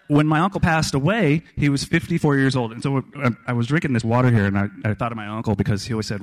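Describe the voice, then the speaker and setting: A man's voice: medium pitch, fast, few pauses. Middle-aged guy telling funny family stories on stage, wry and jokey. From Kansas. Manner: wry, joking, acts out voices in quotes. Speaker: storyteller. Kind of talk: live storytelling on stage.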